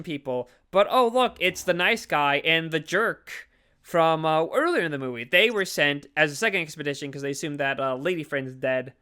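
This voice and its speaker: A man with a bright, crisp voice pitched a little high tells a movie's story in a loose, rambling way. He keeps throwing in fillers and quick acted-out lines for the characters. It has the relaxed feel of a podcast co-host recapping a film.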